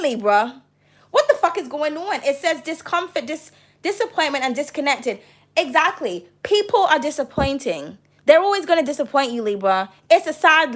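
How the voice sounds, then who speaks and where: A woman giving a tarot reading to camera, talking passionately and bluntly, with frequent swearing. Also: high-pitched. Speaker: tarot reader.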